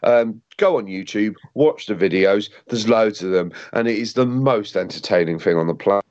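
A man's voice: lowish voice, normal speed, a little mellow. A British man hosting a casual sports podcast, swearing and laughing as he rambles through stories. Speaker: podcast host. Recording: dull lo-fi sound.

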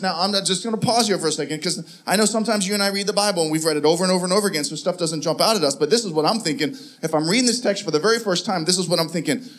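Pastor guy preaching, high voice, animated storytelling, acts out the voices. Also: rapid-fire, hardly any pauses. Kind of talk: sermon.

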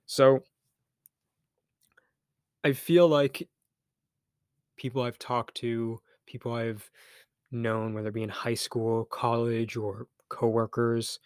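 A young man talks through his own podcast in a candid, loose way, restarting his thoughts as he goes. He sounds a little embarrassed but keeps encouraging his listeners. His voice sits at an ordinary male pitch and is recorded close and dry. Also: slow pace, long pauses, darkish tone, clear, resonant tone, no echo. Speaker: podcast host. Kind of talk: casual solo podcast monologue.

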